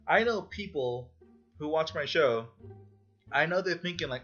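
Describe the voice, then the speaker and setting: A man's voice: fairly high pitch, normal speed, long pauses, fairly bright tone, muffled recording, faint music behind. A young man giving a casual, rambling review, blunt and profane, with exasperated outbursts. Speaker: online reviewer.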